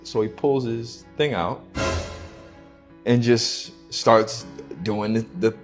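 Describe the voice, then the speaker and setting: A young man, an interview guest, telling a personal story slowly and haltingly in casual slang. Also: medium pitch, fairly even intonation, soft background music.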